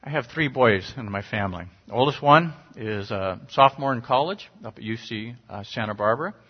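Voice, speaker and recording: A man's voice: medium pitch, lively intonation, a little fast, slightly rough. A middle-aged man preaching a sermon, earnest and conversational, sometimes rising sharply for emphasis. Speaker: pastor. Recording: dull lo-fi recording.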